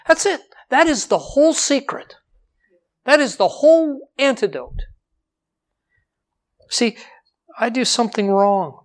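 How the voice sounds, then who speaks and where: A man preaching a sermon, slowing down for scripture and rising sharply for emphasis. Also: very animated. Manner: dynamic delivery, slows for scripture, jumps high for emphasis, drops to quiet.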